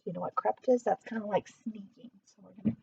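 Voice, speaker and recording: A woman reading a children's story aloud, animated, pausing to ask the young listener questions. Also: medium pitch, vocal fry, highs cut off, a little hiss or hum.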